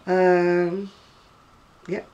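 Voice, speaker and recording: A woman's voice: lowish voice, completely flat delivery, extremely slow, mellow, far from the mic, highs cut off. A woman in her sixties with a northern English accent, chatting casually and rambling to camera about her crafts, often laughing. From North West England. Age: 60s. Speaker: craft seller.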